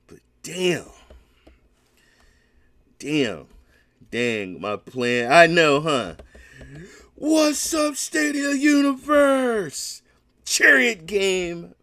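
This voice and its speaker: A man's voice: fairly low pitch, a bit bright, dry recording. A man hosting a casual solo gaming podcast, rambling and emphatic, with many restarts.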